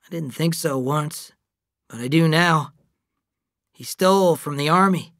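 A reader voicing a troubled middle-aged father, puzzled and dreamy, in an audiobook reading with slightly lifted pitch. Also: measured pace, fairly bright tone, no echo, studio quality. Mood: calm.

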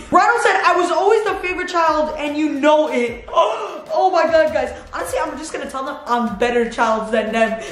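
A young woman vlogging to her viewers, excitable and laughing as she reads text messages aloud. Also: high-pitched. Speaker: youtuber. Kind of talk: reading texts aloud to camera. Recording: echoey room with music behind.

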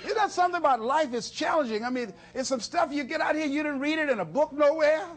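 A man's voice: extremely high pitch, fast talker. A man giving a motivational speech, telling stories with lots of energy and laughing often. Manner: animated storytelling, laughs often, talks to himself in acted quotes. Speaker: motivational speaker.

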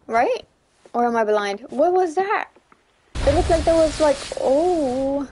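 A young woman chatting casually through a gameplay livestream, giggly and chatty, squealing when something excites her. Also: high-pitched, takes it slowly, a little hiss or hum. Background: faint game music.

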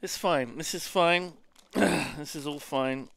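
A man hosting a live gaming stream, excitable and laughing, swearing freely as he chats. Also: a little high, takes it slowly, no room sound. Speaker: streamer host.

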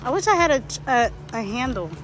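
A woman vlogging casually on a handheld camera at an outdoor wildlife park, chatty and animated. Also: fairly high pitch, brisk. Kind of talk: casual vlog chat. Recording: music playing behind.

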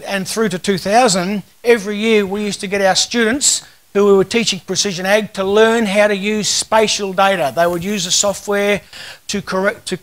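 Australian man, fifties, conference talk, relaxed joking storyteller, fairly high voice. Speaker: conference speaker.

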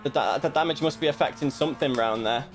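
A man talks through his sim race in a casual, muttering way, often picking at his own mistakes. His voice sits at an ordinary pitch. Faint music plays underneath. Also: fast. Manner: self-critical, muttering asides. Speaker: sim racing streamer. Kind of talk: casual commentary while racing.

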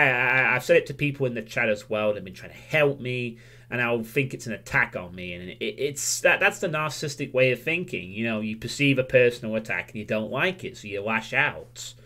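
A man's voice: mid-range voice, pushed and bright. Male streamer, frank self-critical monologue, loose and profane, mid-range voice. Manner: frank, self-critical, swears freely, loses his train of thought. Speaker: livestreamer. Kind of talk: candid livestream monologue.

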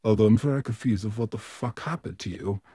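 A man voicing an evil male puppet neighbor in a fan audio role-play, smug and menacing, with a slow, theatrical drawl. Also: lowish voice, warm tone, husky, no room sound, clean studio sound. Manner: slow, drawn-out, theatrical delivery with smug laughs.

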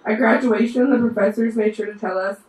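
A woman's voice: on the high side, fairly even intonation, fairly quick, a little mellow. A woman in her mid-twenties from West Virginia with a Southern accent, telling a wry, sassy story on stage. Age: mid-20s. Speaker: storyteller, nurse. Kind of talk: live storytelling performance. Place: live storytelling show at a bar venue. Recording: roomy live venue, mic far off.

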